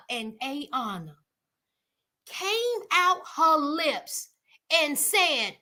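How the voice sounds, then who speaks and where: A woman's voice: high-pitched, very animated, extremely slow, pauses often, bright, forceful tone. A woman giving a sassy, emphatic casual recap of a reality TV show.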